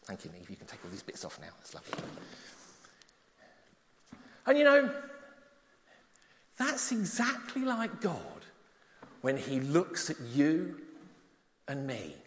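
A man preaching in a big echoing hall, his fairly high voice swinging up and down as he tells a story. He drops his voice soft for the quiet parts, then reads scripture. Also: huge pitch swings, slow, long pauses, a little hiss or hum. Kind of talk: children's talk and Bible reading. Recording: long hall reverb.

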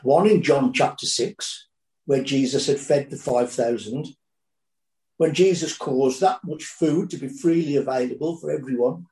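A man's voice: mid-range voice, a little slow, a little mellow, reverberant, poor audio. A man preaching a sermon, telling the story dramatically with rising and falling intensity.

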